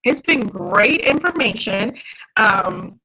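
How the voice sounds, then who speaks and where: A woman's voice: a little high, animated, takes it slowly, sharp tone, husky, low-quality recording. A woman mindset coach leading a live online workshop, talking directly and encouragingly to her viewers. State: tired, yawning.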